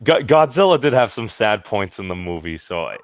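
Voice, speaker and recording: A man's voice: fairly low pitch, big pitch swings, a little fast, no echo, clean studio sound. A man hosting a livestream in casual banter, rambling with many stammering restarts.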